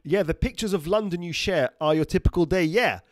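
With a high-pitched, brisk voice, a middle-aged man who is a doctor runs a relaxed livestream, reading out comments from viewers. He chats freely, laughs a lot and drops into joke accents, and the sound is dry and clean, like a studio.

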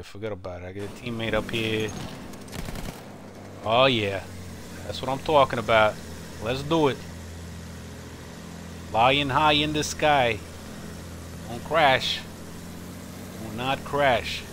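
A man streaming a war shooter, wisecracking and reacting excitedly while he plays. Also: fairly low pitch, unhurried, long pauses, noisy background. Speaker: game streamer. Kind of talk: live gameplay commentary. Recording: game audio loud behind voice. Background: loud gunfire and game sounds.

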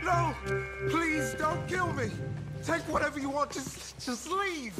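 A man's voice: extremely high pitch, takes it slowly. A man voicing a frightened rural father in a video game cutscene, pleading and breaking down. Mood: desperate. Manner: pleading, broken. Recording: game audio under loud music.

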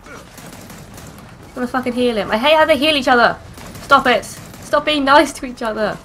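A woman's voice: high-pitched, expressive, normal speed, a bit bright, a little hiss or hum. A young woman commenting on her game as she plays, swearing freely and reacting bluntly to the action. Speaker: gaming streamer. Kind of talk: gameplay commentary.

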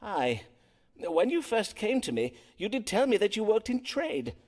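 An actor playing a pompous Elizabethan male doctor and astrologer, speaking in stately, measured old-fashioned English in a game. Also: sits high, big pitch swings, a little mellow, heavily acted. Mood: grave. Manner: archaic stately speech, measured. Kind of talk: game voice acting.

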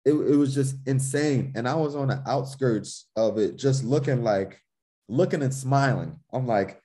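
Speaking unhurriedly in a dark, medium-pitched voice, a musician from Newark, New Jersey, chats on a podcast, telling laid-back stories. He swears without restraint and acts out how he used to react.

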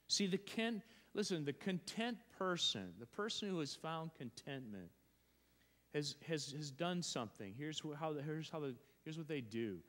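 A man's voice: a little high, very animated, unhurried, a bit bright. Man preaching in a reverberant church. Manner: emphatic, repeats phrases, frequent restarts. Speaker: pastor. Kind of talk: sermon. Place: church sanctuary.

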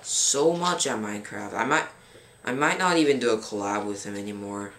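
A young man in his teens giving casual gameplay commentary as a gaming channel host, rambling, filling pauses with um and grumbling at his game. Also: lowish voice, fairly bright tone. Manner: frustrated, rambling, fills pauses with um. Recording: roomy with faint background noise.

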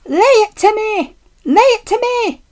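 A woman's voice: high voice, lively intonation, unhurried, pitched above the performer's own voice. A woman voicing a bold, cheeky male steam engine who teases innocently and pushes on with grim determination. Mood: determined. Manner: teasing, grim and shouting when pushing.

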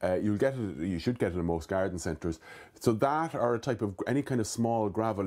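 A man's voice: low-pitched, mellow. A man from Cork with an Irish accent, hosting a casual gardening question show and chatting through viewers' queries, often correcting himself mid-sentence. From Ireland. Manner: chatty, self-correcting, with fillers and restarts. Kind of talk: casual live Q&A.

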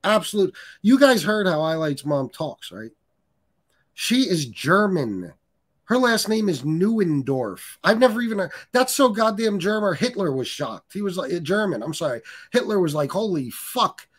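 A middle-aged man hosts a live stream, reading chat comments aloud and trash-talking in a blunt, crude, heated rant full of profanity. His voice is husky and high-pitched, very animated, delivered at a normal speed.

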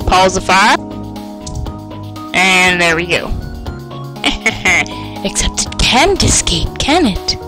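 Slow-talking excitable gamer guy. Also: sits high, over music, rough recording. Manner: excitable, self-mocking, sing-song taunts. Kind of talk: let's play commentary.

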